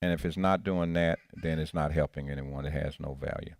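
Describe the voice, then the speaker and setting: Deep-voiced pastor preaching plainly. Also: male voice, fairly even intonation, a little fast, darkish tone, no room sound, clean studio sound. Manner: earnest, repetitive, restarts phrases. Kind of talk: interactive sermon. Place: church.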